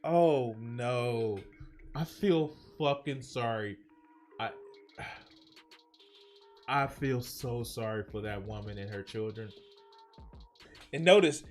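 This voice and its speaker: A man's voice: mid-range voice, takes it slowly, pauses often, soft background music. A man streaming live, reacting to a speech with profane, exasperated and sarcastic commentary that often trails off and restarts mid-sentence.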